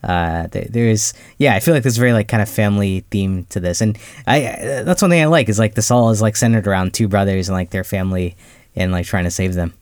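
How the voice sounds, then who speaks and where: A man's voice: lowish voice, fast, darkish tone, no echo, studio quality. A man co-hosting a podcast, chatting casually about a film, hesitant and stopping to restart his thoughts. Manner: hesitant, many fillers and restarts, laughs easily. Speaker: podcast co-host.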